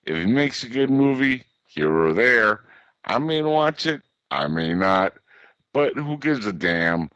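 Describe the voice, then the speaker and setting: A man's voice: medium pitch, very animated, measured pace, a bit bright, dry recording. A man hosting a casual online group chat, talking in a blunt, sarcastic, ranting way. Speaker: podcast host.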